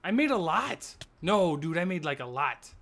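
A man co-hosting a video game let's play, chatting casually, rambling and jumpy, quick to panic. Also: a little high, sing-song, fairly bright tone. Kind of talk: casual gameplay chat.

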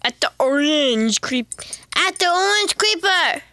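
A woman streaming a video game, chatting to herself in a giggly way and breaking into excited squeals. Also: sits high, unhurried, no echo. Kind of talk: casual let's-play commentary.

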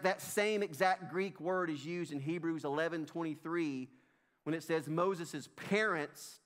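A man's voice: a little high, a bit bright. A middle-aged man with a Southern US accent preaching a sermon in church, emphatic and repetitive, calling his congregation "folks.". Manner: emphatic, repeats himself, addresses congregation as folks. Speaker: pastor. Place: church sanctuary.

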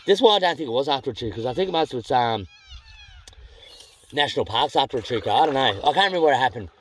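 A man's voice: medium pitch, animated, very fast, husky. An Australian man casually telling a travel story to camera. He rambles and corrects himself as he goes, and he is blunt and sweary. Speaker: vlogger.

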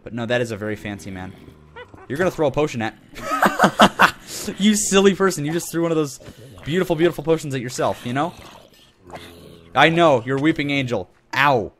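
A young man chatting his way through a video game, loose and jokey. He rambles, backtracks and corrects himself as he talks, at a mid-range pitch. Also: expressive, fast, pauses often, fairly bright tone, a little hiss or hum. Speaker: gaming channel host. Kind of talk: casual game commentary.

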